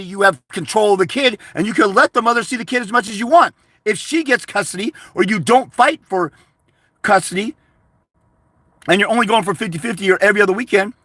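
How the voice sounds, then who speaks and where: A man's voice: sits high, pushed and bright, no echo, studio quality. A man hosting a livestream, ranting aggressively with profane insults while answering viewer questions. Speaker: host.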